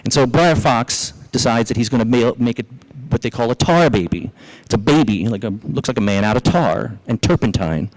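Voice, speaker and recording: A male pastor with a Southern US accent delivers a sermon, speaking at a middle pitch. He tells a children's story with animated energy and asks the congregation questions directly. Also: fairly quick, hardly any pauses, low-quality recording.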